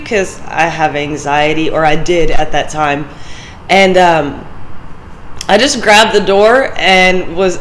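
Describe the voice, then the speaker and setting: A woman's voice: fairly low pitch, slow, a little hiss or hum, low-quality recording. A woman hosting a vlog, talking casually and motivationally, telling stories and laughing often. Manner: chatty storytelling, laughs often. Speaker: vlog host.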